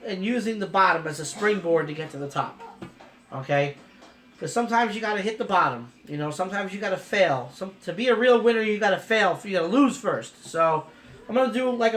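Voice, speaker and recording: A man's voice: a little high, a bit bright. A man in his thirties vlogging casually from a trade show on a phone camera, rambling and emotional, repeating "you know" as he talks. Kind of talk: casual vlog.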